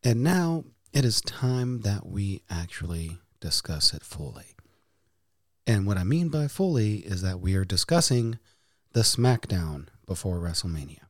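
Man, podcast host, low voice, animated, dry close mic, hammy flourishes. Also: a little slow, dry recording. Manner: playful, hammy announcer flourishes. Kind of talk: casual podcast chat.

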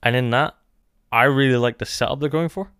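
A man's voice: mid-range voice, brisk, a bit bright, clear, resonant tone, dry recording, clean studio sound. A man, co-hosting a casual review chat, musing thoughtfully with many filler words. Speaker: podcast co-host.

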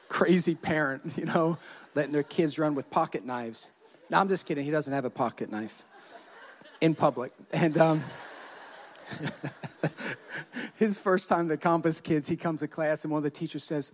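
Brief: male pastor, high voice, lively storyteller, church hall reverb. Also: normal speed. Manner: animated storytelling, acts out quotes. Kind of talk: sermon with personal stories.

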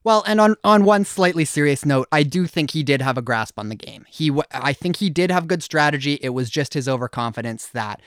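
On the high side with lively intonation, this man talks briskly with hardly any pauses, recorded in a clean studio with no room sound. He's a chatty podcast co-host in casual conversation, quick to laugh, frequently restarting his sentences and leaning on fillers.

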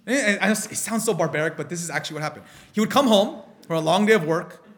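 A man preaching a sermon, telling stories in an animated way and often restarting his sentences. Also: a little high, fast. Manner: animated storytelling with frequent restarts.

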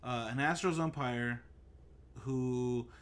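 A man's voice: mid-range voice, slow pace, clean tone. A man hosting a casual podcast, joking through a mock ad read and rambling chat. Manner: jokey, rambling, mock ad reads. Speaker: podcast host. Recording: remote call, own mic.

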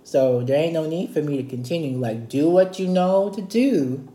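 A man's voice: on the high side, expressive, moderate pace, dark tone, reverberant, close to an everyday voice. A man doing a breezy, unbothered Jesus. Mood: nonchalant. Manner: casual, slangy, breezy. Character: nonchalant, unbothered adult man, Jesus as retold.

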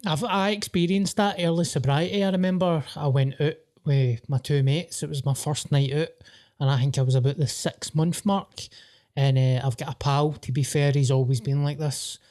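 A man's voice: on the high side, fairly even intonation, moderate pace, darkish tone. A Scottish man in casual podcast chat, telling candid, sweary, jokey stories.

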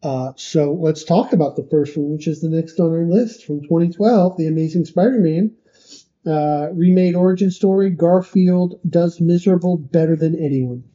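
A man's voice: on the high side, normal speed, dark tone, lo-fi sound. A man co-hosting a podcast in casual chat, blunt and wry, steering the talk. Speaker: podcast co-host.

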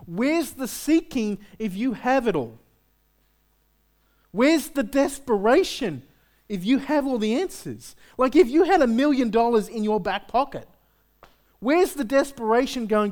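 Male pastor, sermon, lively up-and-down pitch, conversational, rhetorical questions. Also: unhurried.

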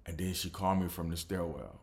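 A podcast host with a deep, creaky voice speaks briskly as he casually recounts something that happened to him. He keeps restarting his sentences in an animated retelling.

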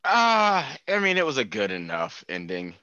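A man's voice: mid-range voice, huge pitch swings, moderate pace, pushed and bright, no room sound. A man in a casual chat, laid-back and wry. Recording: dull lo-fi audio.

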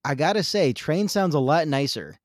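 A man's voice: a little high, animated, moderate pace, dry recording, studio quality. A man co-hosting a podcast, talking in a wordy, joking way and stammering on his restarts. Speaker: podcast co-host. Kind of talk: casual chat.

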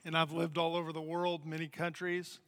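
An American man preaching a sermon as a missionary, in an animated, conversational way. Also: a little high, a little fast, long reverb tail. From United States.

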